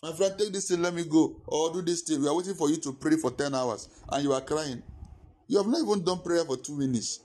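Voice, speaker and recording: A man's voice: fairly high pitch, fairly quick, a little mellow, close to an everyday voice. A man voicing impatient angels who scoff at a crying person, brusque and mocking. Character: impatient angels, puzzled by human tears.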